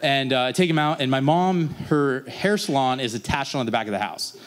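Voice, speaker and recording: A young man telling a rambling personal story on stage at a live story slam, jumping up in pitch when he acts out his own past lines. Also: a little fast, clean tone. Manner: rambling, animated, plays out his own past dialogue in a raised voice.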